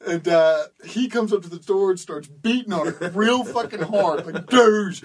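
A man with a fairly high voice tells a rambling, profane story in casual chat. He laughs his way through it, loose and unpolished. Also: moderate pace, darkish tone.

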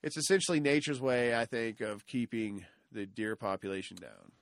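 A man's voice: medium pitch, moderate pace, creaky, dry recording. A man in loose, profane casual banter as podcast co-host, laughing often.

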